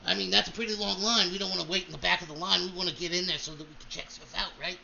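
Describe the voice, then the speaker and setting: A man's voice: high voice, fairly even intonation, racing, gravelly, muffled recording, a crowd in the background. A man voicing Krabs, a clumsy, eager sentient weapon that tags along with a player's character. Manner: naive, apologetic.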